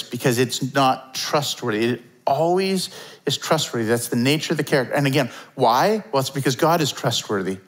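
A man's voice: medium pitch, normal speed, low-quality recording. Conversational male preacher. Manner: conversational, animated preaching with fillers and acted asides. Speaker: pastor. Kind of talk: sermon. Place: church hall before a congregation.

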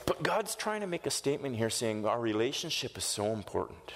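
A man delivers a sermon with animated storytelling, acting out quoted lines with shifts in his delivery. His voice sits at an ordinary middle pitch. The sound carries a long hall reverb. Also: fairly quick, creaky, hardly any pauses. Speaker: pastor.

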